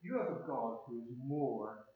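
A man preaching a sermon, emphatic and animated, acting out the voices of the people he quotes. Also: medium pitch, unhurried, a little hiss or hum. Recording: echoey room, dull sound.

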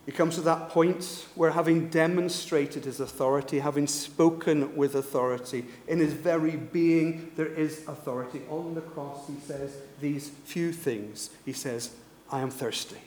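A man preaching a sermon, telling a story and swinging between loud, excited passages and hushed, low ones. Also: unhurried, few pauses. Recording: echoey hall with long reverb.

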